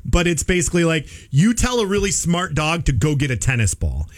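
A man's voice: fairly high pitch, sing-song, fairly quick. A man co-hosting a podcast in casual chat, explaining things with playful analogies. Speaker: podcast co-host.

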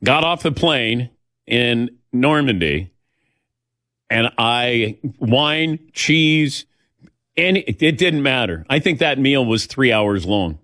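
Slow and forceful, the older male host speaks at medium pitch with a bright tone and lively intonation. His chat is casual storytelling about his own life, self-deprecating and full of acted-out voices for the people he quotes. The recording is dry and clean, studio-grade.

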